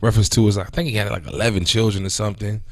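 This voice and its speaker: A man in his thirties hosting a casual talk show, venting in an animated, indignant way about an everyday run-in and then moving on to other topics. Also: rapid-fire, no echo, clean studio sound. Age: 30s. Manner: animated and indignant, with pitch jumping when quoting and venting. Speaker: host. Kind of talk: casual talk radio monologue.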